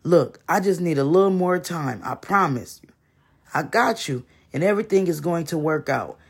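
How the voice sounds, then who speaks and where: A man's voice: fairly high pitch, animated, moderate pace, creaky, husky, heavily acted. A man voicing an evasive, two-timing fiancé who speaks in a placating way.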